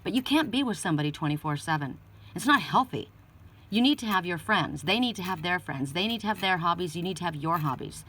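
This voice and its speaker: A woman's voice: on the low side, expressive, fast, fairly bright tone, slightly rough, distant mic. A woman giving an oracle card reading, telling personal stories in an earnest, rambling way and often restarting sentences.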